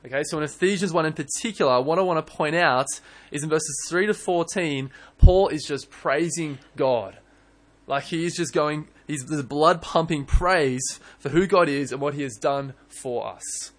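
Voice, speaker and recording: A young man preaching a sermon in church, earnest and animated, often restarting his words. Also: on the high side, normal speed. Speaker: pastor.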